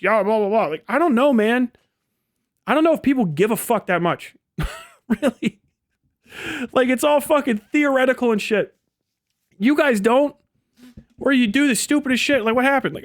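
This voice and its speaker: A man's voice: very high voice, moderate pace, pauses often, no room sound, studio quality. A man streaming live, ranting sarcastically and swearing constantly. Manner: sarcastic and mocking. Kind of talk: profane livestream rant.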